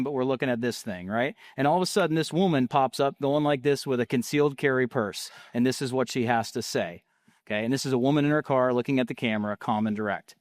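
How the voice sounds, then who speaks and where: A man giving a casual, energetic talk about marketing in a salesy, conversational way. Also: mid-range voice, no echo. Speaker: marketing speaker.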